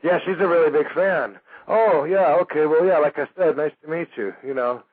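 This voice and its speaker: A man's voice: fairly high pitch, moderate pace. A man hosting a radio show, telling a story casually with lots of fillers and acting out the voices of the people in it. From Michigan, USA. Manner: animated, acts out quoted voices, frequent fillers. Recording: phone-like narrow band radio audio.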